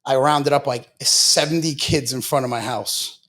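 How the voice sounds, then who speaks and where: A man's voice: mid-range voice, moderate pace, sharp tone. A man from Long Island, a podcast guest, telling his story in a blunt, profane, casual way and saying "bro" a lot. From Long Island, New York.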